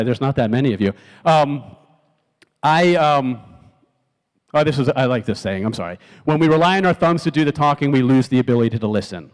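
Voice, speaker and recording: A middle-aged man giving a conversational talk on stage to a youth audience, asking the crowd questions and acting out text messages in different tones. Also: mid-range voice. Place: large auditorium. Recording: long hall reverb from the auditorium.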